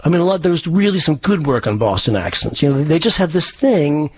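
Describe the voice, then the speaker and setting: A man's voice: a little high, animated, brisk, hardly any pauses, slightly rough. A man who works as a dialect coach, with a partly Irish-tinged accent, explaining in an interview with many restarts. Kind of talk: interview answers.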